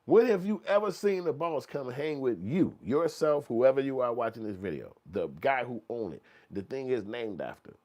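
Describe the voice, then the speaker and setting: A man's voice: very animated, normal speed, few pauses. A man hosting a commentary channel, talking casually in a vivid, profane, second-person storytelling style. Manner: acts out quoted voices, sometimes yelling high. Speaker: channel host commenting on news.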